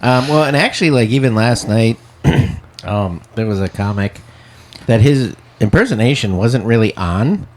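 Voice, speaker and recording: A man co-hosting a podcast, who also hosts open mics, talking in a rambling, halting way. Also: medium pitch, lively intonation, a little mellow. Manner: rambling, halting, restarts often. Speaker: podcast co-host and open mic host. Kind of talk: casual podcast chat.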